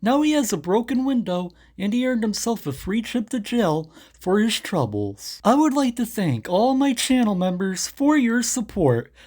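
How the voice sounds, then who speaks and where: A woman hosting a commentary channel, giving a calm, plain-spoken scripted voice-over. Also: medium pitch, normal speed, hardly any pauses. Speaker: channel host narrating clips.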